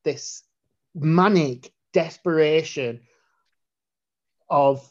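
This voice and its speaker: A man's voice: a little high, very slow, a little mellow, lo-fi sound. A man co-hosting a casual film discussion podcast, talking bluntly and swearing freely. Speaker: podcast co-host.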